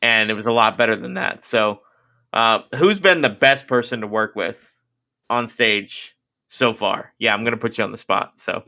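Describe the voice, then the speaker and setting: A man hosts a podcast in casual interview chat. His tone is bright and forward, and he drops in quick follow-ups and laughs along with the guest. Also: lowish voice, vocal fry. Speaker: podcast host.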